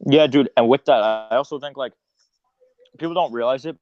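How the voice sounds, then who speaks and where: A man's voice: mid-range voice, a little fast, a little mellow, muffled recording. A man in a casual group chat on a video call, speaking hesitantly and often saying "like". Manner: hesitant, many "like" fillers.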